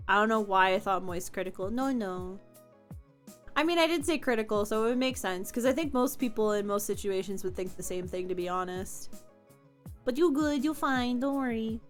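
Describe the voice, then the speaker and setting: A woman's voice: medium pitch, expressive, moderate pace, faint music behind. A young woman streamer chatting casually with her chat from home, answering comments and laughing often.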